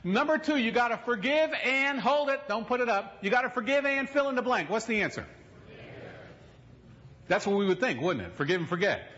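A male pastor with a very high, lively voice delivers a folksy sermon. He slows right down to land his points. The recording sounds dull and lo-fi. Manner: folksy storytelling preacher, slows for emphasis.

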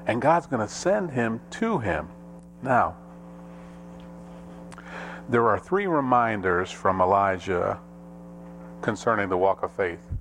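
A man preaching a sermon as pastor, with dramatic rises and drops in pitch and pace. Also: animated, takes it slowly, long pauses, fairly bright tone, slight background noise.

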